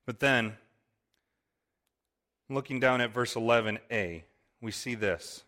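Brief: male Bible teacher, explanatory tone, mid-pitched voice, tags points with "right?". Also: takes it slowly, sharp tone. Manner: explanatory, often adds "right?".

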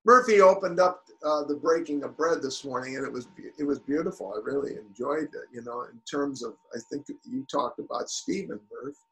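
A man preaching a sermon, building to shouted peaks and then dropping quiet, with halting restarts. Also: medium pitch, low-quality recording.

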